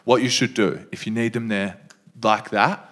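A man playing his deadpan, stoned middle-aged father giving odd advice. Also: on the low side, normal speed, voice pushed down, natural voice. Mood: earnest. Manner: flat, earnest deadpan.

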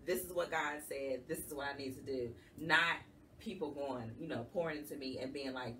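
A woman with a low, bright-edged voice shares a heartfelt personal story in a conversational way. She sounds a little distant from the mic, with a faint hiss behind her. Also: moderate pace. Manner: earnest, emotional, conversational. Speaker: guest, support group founder. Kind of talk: personal testimony in an interview. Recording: somewhat distant mic with faint background noise.

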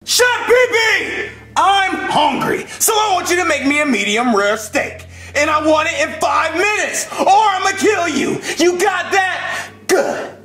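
A man voicing a hot-tempered, petulant male chef who rants, shouts and throws tantrums. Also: very high voice, lively intonation, unhurried, hardly any pauses, roomy sound, soft background music, exaggerated voice. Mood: ranting.

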